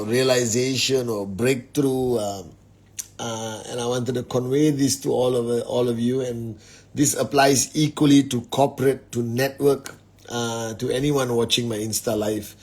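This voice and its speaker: Man greeting livestream viewers. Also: medium pitch. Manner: greets viewers by name in many languages. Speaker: live stream host. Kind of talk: casual livestream chat. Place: home at night.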